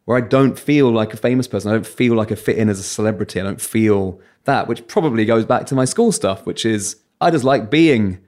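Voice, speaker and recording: A man's voice: fairly low pitch, a little fast, hardly any pauses, darkish tone. A British man and radio presenter, a guest in a casual interview, talking candidly and telling self-mocking stories.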